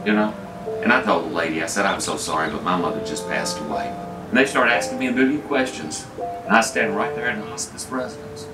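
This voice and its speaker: Man, 60s, documentary interviewee, plain-spoken storyteller; recorded far off in an echoey space over loud music. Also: on the low side, a little fast. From Tennessee, US. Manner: plain-spoken, recounts events by acting out other people's words. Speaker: documentary subject. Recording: roomy and distant with loud music.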